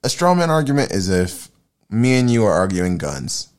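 A man's voice: lowish voice, big pitch swings, moderate pace. A man hosting a podcast in a casual monologue, rambling, profane and self-deprecating. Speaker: podcast host.

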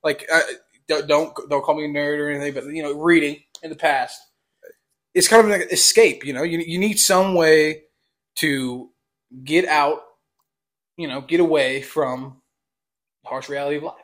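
Rambling young man, high-ish voice. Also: steady tone, normal speed, pauses often, fairly bright tone. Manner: rambling, repeats words, self-described stutter. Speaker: podcast co-host. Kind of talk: casual chat.

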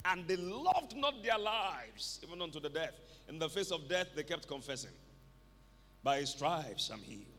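A man's voice: fairly high pitch, sing-song, normal speed, a bit bright. A man preaching a fervent sermon, calling out to the congregation for responses. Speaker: pastor. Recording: echoey hall with long reverb.

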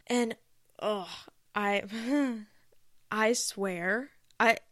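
A woman's voice: medium pitch, very slow, a bit bright, no echo. Solo podcast host, woman, rambling and self-mocking, mid-range voice, dry close-mic sound. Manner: rambling, chatty, self-deprecating. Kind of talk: casual solo podcast chat. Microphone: close studio microphone.

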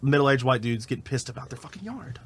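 A man's voice: medium pitch, expressive, quick pace, slightly rough. A man chatting casually on a podcast in a teasing, joking way. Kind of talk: casual chat.

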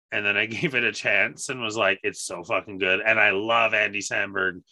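A man's voice: on the low side, brisk, hardly any pauses, pushed and bright, no echo. A man co-hosting a podcast in casual chat, swearing freely and laughing as he tells stories. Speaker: podcast co-host.

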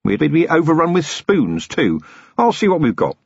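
A man's voice: fairly high pitch, huge pitch swings, moderate pace, creaky, breathy edge, dry recording, voice pushed up, heavily acted. Vimes, a man doing a dry veteran police commander. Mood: wry. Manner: dry, plain-spoken, wry. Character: gruff seasoned city police commander, dry and wry. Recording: dull lo-fi audiobook recording.

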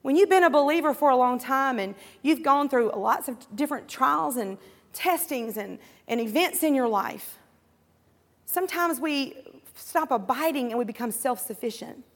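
A high-pitched woman preaches, her voice sitting well above the usual. She drives her points with call-and-response cries and slips into the voices of imagined believers and coworkers. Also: lively intonation, moderate pace, big-room sound. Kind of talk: sermon.

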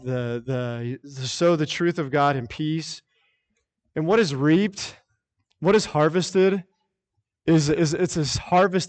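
A man preaching a sermon as pastor, earnest and repetitive, often restarting his phrases. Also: on the high side.

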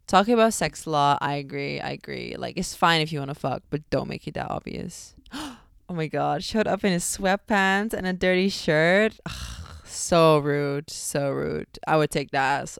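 A woman's voice: low-pitched, moderate pace, vocal fry, smooth, no room sound, studio quality. A young American woman hosting a podcast, chatting bluntly and casually and swearing freely. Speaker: podcast host. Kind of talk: casual chat.

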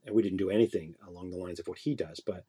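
Husky, low-voiced man telling stories. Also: rapid-fire, mellow. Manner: chatty storytelling with fillers. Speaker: puppeteer and puppet builder. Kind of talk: casual conversation.

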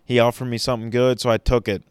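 A man putting on a blunt, chummy male business boss who talks loud and fast, calling people buddy and pal. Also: medium pitch, level tone, smooth, no room sound, natural voice. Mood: breezy apologetic.

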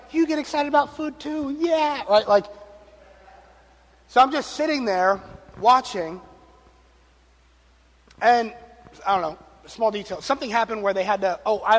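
A man preaching a sermon, telling a story and acting out the people in it, with jokes along the way. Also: high-pitched. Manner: animated, acts out quotes, jokes and laughs. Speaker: pastor. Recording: long reverb of a large hall.

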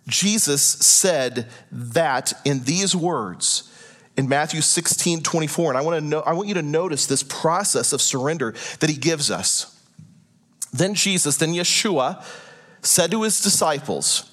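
A man with a high voice delivers a sermon to a congregation in a church hall. He speaks earnestly and deliberately, pausing for effect and acting out imagined prayers in a softer, lower voice. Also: animated. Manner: earnest preaching with dramatic pauses, voicing imagined prayers. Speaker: pastor.

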